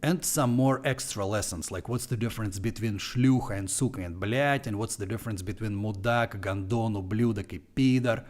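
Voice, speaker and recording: A man with a heavy Russian accent, a Russian native speaker, walking through his course on a live stream in a playful, animated way. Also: fairly low pitch, normal speed, hardly any pauses. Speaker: online language teacher.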